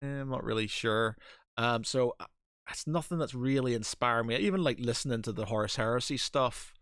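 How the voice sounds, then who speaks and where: A man's voice: mid-range voice, fairly quick, a bit bright, dry recording. Rambling man on a dry podcast mic. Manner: rambling, many fillers and restarts. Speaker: podcast co-host. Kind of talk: casual chat.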